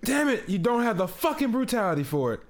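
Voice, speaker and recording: A man co-hosting a podcast, reacting quickly with excitable, profane casual banter. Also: very high voice, noisy background. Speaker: podcast co-host.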